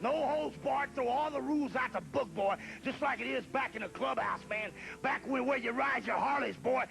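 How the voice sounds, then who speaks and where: A man's voice: very high voice, moderate pace, vocal fry, fairly bright tone, soft background music, low-quality recording. A man, a pro wrestler, cutting a taunting promo and calling his rival boy and man. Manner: trash-talking, taunting, calls people boy and man.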